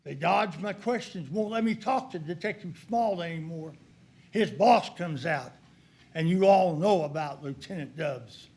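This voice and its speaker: A man's voice: on the high side, measured pace, darkish tone. An older man giving a heated, accusatory public comment at a county commissioners' meeting.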